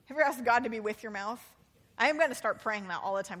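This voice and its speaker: A woman preacher giving a sermon, animated and humorous, with playful asides. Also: mid-range voice, fast talker.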